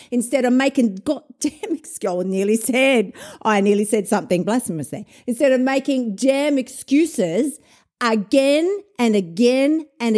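A woman, a weight loss coach telling a story in a casual monologue, animated, swearing and laughing often. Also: fairly high pitch.

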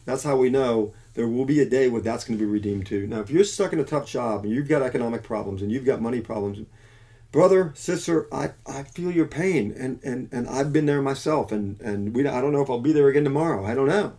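A man with a dark, mellow voice preaches in an emphatic monologue. He often breaks off and restarts his sentences, then slows down to press his points home. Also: mid-range voice. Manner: emphatic, restarts and self-corrections. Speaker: Christian commentator.

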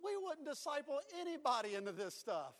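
A man's voice: very high voice, big pitch swings, fairly quick, fairly bright tone, in a large hall. A man preaching a sermon as pastor, emphatic and repetitive, moving into storytelling. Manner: emphatic preaching with repeated phrases, dropping to storytelling.

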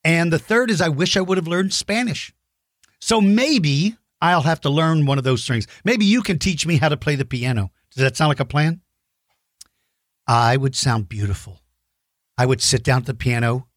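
A low-voiced woman chats playfully with a child over a video call, her voice leaping around as she jokes and teases. She throws in silly sound effects, and the sound is dry and close. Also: lively intonation, moderate pace, no room sound. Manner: teasing, jokey, bursts into silly high sound effects. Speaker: host. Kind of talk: playful chat with a child guest.

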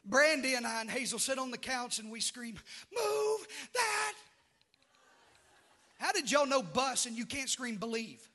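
A man preaching a sermon with passion, swinging from drawn-out shouted phrases to hushed, quiet lines. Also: very high voice, a little hiss or hum. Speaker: pastor.

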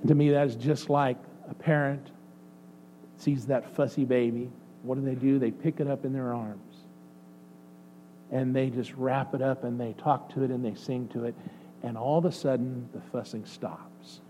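A male pastor preaching a sermon, swinging between excited outbursts and soft, hushed passages. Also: medium pitch, moderate pace. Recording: faint mains hum. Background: faint electrical hum.

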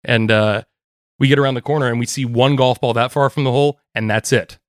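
A man, a golf caddie, telling stories in an animated, laughing, casual chat. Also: medium pitch, no echo, clean studio sound. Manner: animated, quick, laughing storyteller.

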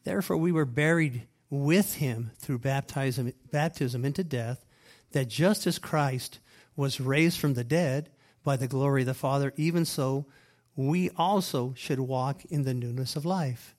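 A man preaching a sermon, reading scripture aloud and explaining it with emphatic repeated phrases, loud stresses and quiet asides. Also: medium pitch, unhurried. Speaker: pastor.

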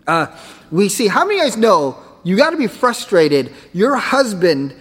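A man's voice: high voice, big pitch swings, normal speed, fairly bright tone, slightly rough. A man preaching a sermon as pastor, emphatic, with rhetorical questions. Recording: echoey hall with long reverb.

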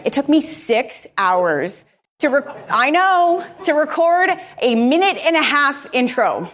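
A woman podcaster giving a live conference talk, energetic, candid and conversational. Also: high voice, moderate pace.

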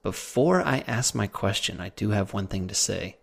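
A man's voice: fairly low pitch, expressive, normal speed, vocal fry, fairly bright tone. A man co-hosting a casual question-and-answer show, reading out listener questions and teasing his co-host. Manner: joking, teasing. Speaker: podcast co-host.

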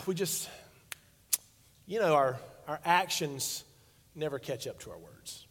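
Playful high-voiced man preaching in a hall. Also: lively intonation, slow, a bit bright, breathy edge. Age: 40s. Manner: playful, conversational preaching with acted-out quotes. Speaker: pastor. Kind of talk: sermon. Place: church sanctuary stage. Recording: long reverb of a large hall.

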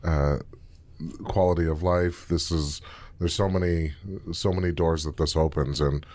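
Very deep-voiced chatty male host. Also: fairly even intonation, unhurried, darkish tone. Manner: chatty, enthusiastic storyteller. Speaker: interview host from a stock exchange. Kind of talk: studio interview. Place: studio.

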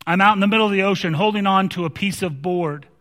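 Guy preaching, high bright voice, emphatic and chatty, big echoey hall. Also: quick pace. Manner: emphatic, conversational preaching with restarts. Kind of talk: sermon.

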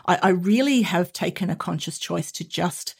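A woman's voice: on the low side, moderate pace, creaky, slightly rough. A middle-aged Australian woman with an Australian accent, a podcast guest chatting casually, laughing often and restarting her sentences. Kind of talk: casual interview chat.

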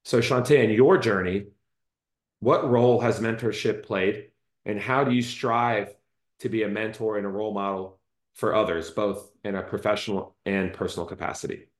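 A man's voice: fairly low pitch, fairly even intonation, moderate pace. Chatty man host in an echoey room. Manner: friendly, chatty, with frequent fillers. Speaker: podcast host. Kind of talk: casual interview chat.

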